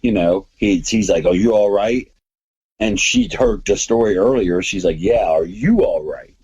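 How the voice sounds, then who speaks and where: A man guesting on a casual movie chat, relaxed, retelling scenes by quoting characters. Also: fairly low pitch, measured pace, husky, no echo, lo-fi sound.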